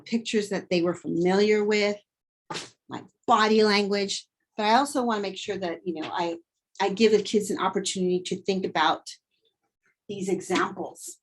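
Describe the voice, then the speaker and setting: Slow, expressive woman teacher. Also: medium pitch. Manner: expressive, acts out emotions in examples, slow deliberate delivery. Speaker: teacher modeling a lesson. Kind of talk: teacher demonstration.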